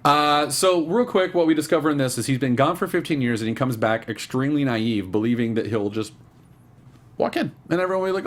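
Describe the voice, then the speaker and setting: A young man co-hosting a podcast in casual chat, joking and acting out quotes in high voices. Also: a little fast. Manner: animated, jokey, acts out quotes in high voices. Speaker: podcast co-host.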